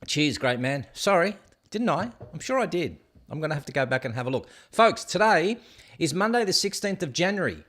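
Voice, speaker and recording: A man's voice: fairly high pitch, sing-song, brisk, fairly bright tone. Joking man hosting a casual show. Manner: joking, playful, stumbling over hard names. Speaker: show host. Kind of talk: casual rambling video commentary.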